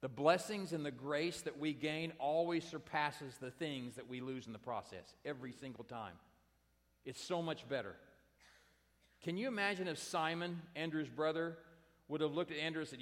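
A man's voice: a little high, moderate pace. A pastor preaching a sermon to his congregation, emphatic and direct, repeating his key phrases. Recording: long hall reverb.

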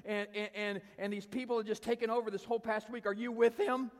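A man doing a tearful, excited cleaning lady. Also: sits high, fairly quick, long reverb tail, voice pushed up, lightly acted. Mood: upset. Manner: excited, tumbling restarts. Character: tearful middle-aged hotel cleaning lady, earnest.

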